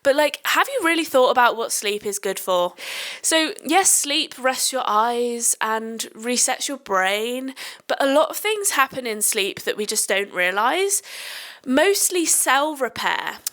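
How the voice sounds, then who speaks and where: Chatty girl on her podcast, kinda bright tone, rambles and pokes fun at herself. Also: a little high, expressive, measured pace. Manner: rambling, self-deprecating, chatty. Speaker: night-shift medical worker. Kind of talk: casual chat.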